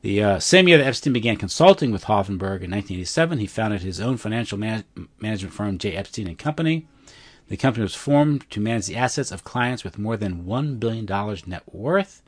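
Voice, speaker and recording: Male podcast co-host, lowish register, casual notes read-through, self-correcting, chatty asides. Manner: reads aloud with frequent self-corrections and fillers; offhand asides between read passages.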